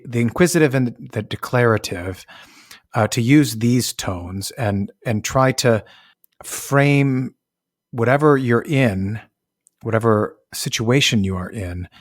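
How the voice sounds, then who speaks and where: A man with a mid-range voice hosts a casual podcast, summarizing ideas in a thoughtful way with a few fillers. His voice sounds dry and close-miked. He talks as a pastor leading a relaxed discussion. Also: medium pitch, no echo.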